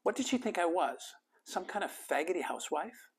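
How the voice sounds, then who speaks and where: A man from Canada reading his own memoir aloud, soft and intimate, sometimes dropping to a whisper. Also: a little high, normal speed, husky. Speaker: author and life coach.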